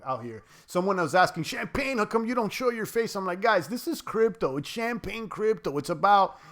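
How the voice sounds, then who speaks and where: Guy on a crypto livestream, kinda high voice, rambly, lots of uhs, reading chat and razzing trolls. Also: very animated, normal speed, fairly bright tone. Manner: loose and rambling, many fillers and restarts; playful trash talk toward trolls. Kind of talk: casual livestream chat reading viewer comments.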